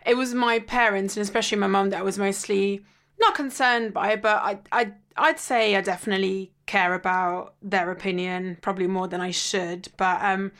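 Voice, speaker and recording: A woman's voice: mid-range voice, moderate pace. Candid woman telling stories. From Italy. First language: Italian. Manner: candid, animated storytelling with dry humour. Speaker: podcast guest sharing a personal story. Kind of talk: casual chat.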